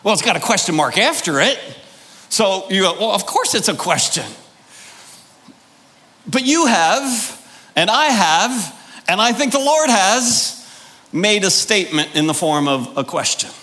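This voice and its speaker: Emphatic preacher man, high bright voice. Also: animated. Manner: emphatic, quizzes the congregation with rhetorical questions; drawn-out, deliberate delivery with pauses. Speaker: pastor. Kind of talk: sermon.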